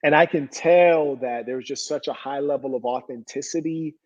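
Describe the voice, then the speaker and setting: A man's voice: mid-range voice, moderate pace, lo-fi sound. A man telling a story in casual, slangy talk, dropping "fool" and "you know" often.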